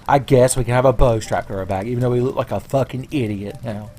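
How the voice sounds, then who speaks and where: A man's voice: medium pitch, fast talker, darkish tone. Joking, profane young male gamer. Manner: joking, profane, rambling, with silly voices. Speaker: let's play commentator. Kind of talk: casual gameplay commentary.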